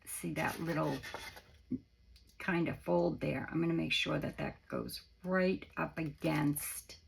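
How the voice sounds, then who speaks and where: A woman with a low, deeply gravelly and croaky voice talks through a paper-craft tutorial in an easygoing, rambling way. She wanders off mid-sentence and corrects herself, like someone showing a friend how it's done. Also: slow pace, slight background noise, low-quality recording. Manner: chatty, meandering, self-correcting. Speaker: craft channel host.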